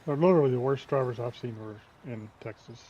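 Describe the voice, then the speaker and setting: A man chatting casually as a co-player in a game stream, making quick opinionated remarks over slightly dull online voice chat. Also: mid-range voice, dark tone, slight background noise. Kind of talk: casual chat while gaming.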